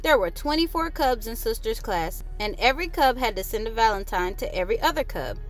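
Expressive woman reading a children's story. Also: a little high, a little fast, faint music behind. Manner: expressive, shifting into lively character voices. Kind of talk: children's read-aloud.

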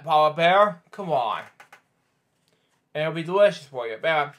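A man's voice: on the high side, expressive, a little slow, fairly bright tone. A man reading a picture book aloud, stumbling over words and breaking off into rambling side comments. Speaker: storyteller host.

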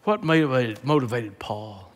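An older man preaching a sermon, moving from quiet, hushed emphasis to loud, impassioned exhortation. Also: mid-range voice, expressive, moderate pace. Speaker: guest preacher. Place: large church sanctuary. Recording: long reverb of a large hall.

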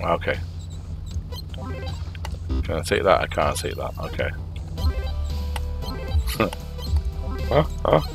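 A man's voice: deep voice, sing-song, takes it slowly, gravelly, pauses often, over music. A man doing casual gameplay commentary, muttering to himself and repeating words as he plays at his computer.

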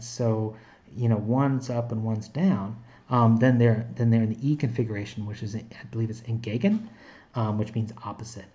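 A man's voice: medium pitch, moderate pace, a little mellow, lo-fi sound. A man teaching a recorded chemistry lecture in a conversational way, with frequent fillers and restarts. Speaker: chemistry instructor.

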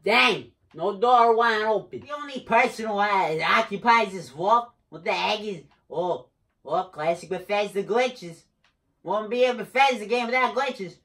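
A gamer doing excitable, joking let's play commentary, talking to themself while playing and screaming now and then. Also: mid-range voice, a little slow. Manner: excitable, jokey, talks to himself while playing.

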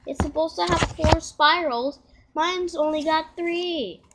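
A woman's voice: very high-pitched, steady tone, takes it slowly, very noisy, voice pushed up, full character voice. A woman voicing a boy complaining about his ice cream in an insistent tone. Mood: indignant. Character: indignant boy fussing over ice cream.

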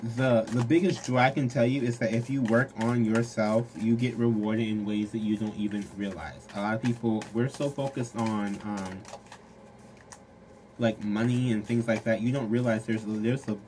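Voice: mid-range voice, fairly even intonation, moderate pace, darkish tone, a little hiss or hum. A tarot reader giving a casual reading straight to the viewer, rambling, full of "like" and "you know". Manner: rambling, filler-heavy talk; frank and direct toward the viewer.

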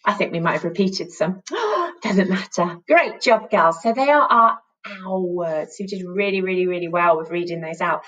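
A woman teaching a phonics lesson to young children, animated and sing-song, praising them often. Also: lowish voice, normal speed, hardly any pauses, distant mic, dull audio. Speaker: primary school teacher.

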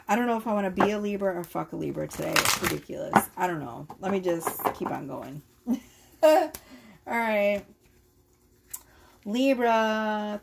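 A woman gives a casual tarot reading straight to camera. She is excitable and blunt, swears freely and laughs at the cards. Her voice sits at an ordinary pitch for a woman. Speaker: tarot reader.

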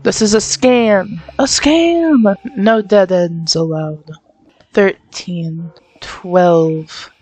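A woman's voice: medium pitch, drawn-out words, a little mellow. Giggly self-mocking woman gaming. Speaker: gamer playing through a game. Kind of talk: let's-play commentary.

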